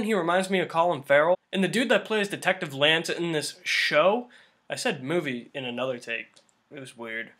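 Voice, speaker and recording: A man's voice: high voice, fairly bright tone. A man giving a casual, rambling review of a TV season, full of fillers. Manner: rambling, filler-heavy, lots of "like". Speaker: show reviewer.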